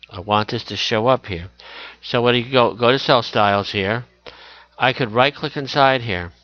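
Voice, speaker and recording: A man narrates a screen-recorded software tutorial, describing every click as he makes it and correcting himself as he goes. His voice is on the low side, the recording has no echo, and the highs are cut off.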